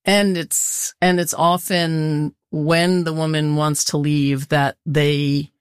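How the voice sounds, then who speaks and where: Low-voiced woman interview host. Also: little pitch movement, takes it slowly, clear, resonant tone, no room sound, studio quality. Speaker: radio talk show host. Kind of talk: interview hosting.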